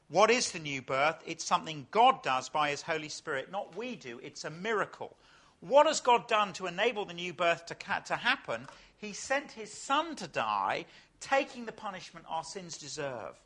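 A man's voice: fairly high pitch, pushed and bright. A man, an Anglican clergyman, preaching a sermon full of stories and rhetorical questions.

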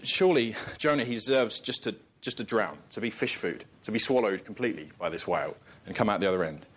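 A man preaching a sermon in a relaxed, conversational voice at an ordinary middle pitch. He asks the listeners rhetorical questions and chuckles at his own asides between points.

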